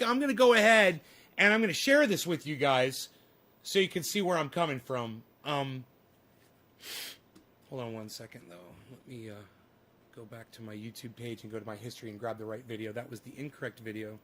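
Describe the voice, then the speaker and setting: A man's voice: mid-range voice, a little fast, sharp tone. A man ranting profanely and combatively at his livestream chat. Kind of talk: casual livestream rant.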